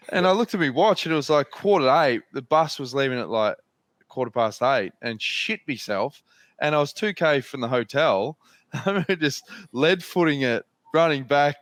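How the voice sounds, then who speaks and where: A man's voice: medium pitch, fairly bright tone, dry recording. An Australian man hosting a podcast, telling long, rambling stories in casual chat and swearing freely. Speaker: podcast host.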